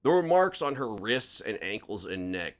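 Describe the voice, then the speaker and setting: Brief: male podcast host, low and smooth, loose and profane, stops and restarts a lot. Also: big pitch swings, normal speed. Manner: rambling, profane, self-correcting. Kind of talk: casual true-crime chat.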